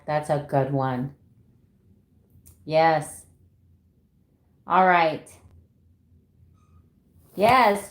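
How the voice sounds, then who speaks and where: Chatty woman in her 50s, echoey room. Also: low-pitched. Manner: chatty, laughs often, reads out viewer names. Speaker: keto vlogger. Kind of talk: casual livestream chat with viewers. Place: home room.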